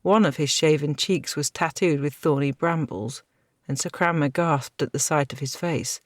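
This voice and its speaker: A woman's voice: sits low, moderate pace, no echo. Woman narrating a fantasy audiobook, dry sound.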